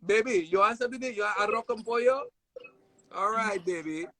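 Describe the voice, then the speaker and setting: A man's voice: high-pitched, fairly quick, a bit bright, no room sound, voice pushed up. A man voicing his mother as she coaxes guests to eat, in a raised voice. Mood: coaxing. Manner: raised, coaxing voice. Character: warm, doting mother who feeds everyone.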